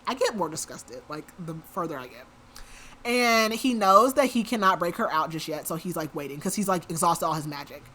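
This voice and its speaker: A woman's voice: on the low side, animated, fairly quick, bright, forceful tone, slight background noise. A woman hosting a podcast, retelling a book's plot in a casual, chatty way full of fillers. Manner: chatty, filler-heavy retelling with many likes. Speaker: podcast host. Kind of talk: casual book recap.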